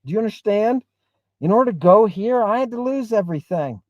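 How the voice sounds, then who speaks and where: Man, livestream host, higher voice, dry close sound, emphatic, rambling. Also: lively intonation, fairly quick, dry recording, highs cut off. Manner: emphatic, rambling, keeps asking "right?". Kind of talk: livestream talk with chat.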